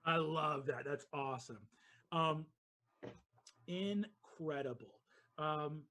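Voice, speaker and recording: An excitable man narrates a tabletop game as dungeon master. He talks with an animated, eager energy and sprinkles his narration with fillers and quick restarts. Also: fairly high pitch.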